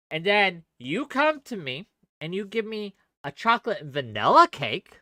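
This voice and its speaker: High, bright, animated man arguing a point. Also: unhurried, dry recording, clean studio sound. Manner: argumentative and profane, acts out both sides in quoted voices. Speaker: debate stream host. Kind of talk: heated debate panel.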